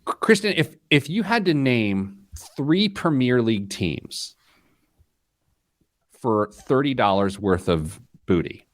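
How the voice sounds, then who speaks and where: A man hosting a money podcast in casual chat, joking and animated. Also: medium pitch, no echo. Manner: joking, animated, quick asides. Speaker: podcast host.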